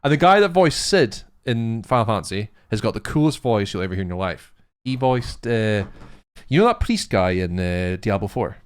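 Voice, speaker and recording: Excitable low-voiced young man. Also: moderate pace, clean tone. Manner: excitable, swears freely, rambling. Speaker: co-host. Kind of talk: casual chat.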